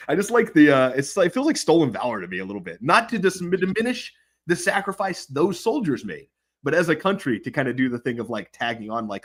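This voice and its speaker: A man's voice: mid-range voice, sing-song, fast, fairly bright tone. A man in casual podcast chat, joking and acting out mocking quotes.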